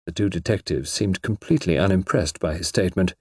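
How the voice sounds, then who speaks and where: Husky low-voiced male storyteller. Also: no room sound, clean studio sound. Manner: measured, expressive storytelling. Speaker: narrator. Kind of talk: audiobook story reading.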